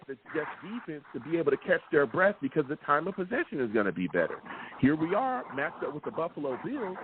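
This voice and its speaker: Lively man hosting a call-in show. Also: a little high. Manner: animated, slangy, hypes callers. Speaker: podcast host taking calls. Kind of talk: casual call-in sports talk. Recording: phone-like line, faint noise.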